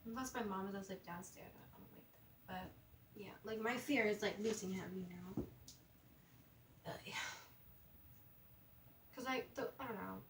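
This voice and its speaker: A young vlogger chats in a loose, confessional style, her speech full of "like" and "you know," with stutters, mumbles and long pauses. Her medium-pitched voice moves at normal speed but sounds distant from the mic, in a roomy space with a faint hum.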